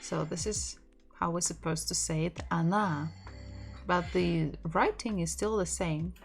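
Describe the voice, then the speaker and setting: Female tutor, unhurried, faint music under her voice. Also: lowish voice, vocal fry. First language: Russian. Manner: explains patiently, with frequent restarts and small laughs. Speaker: language teacher. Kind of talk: online language lesson.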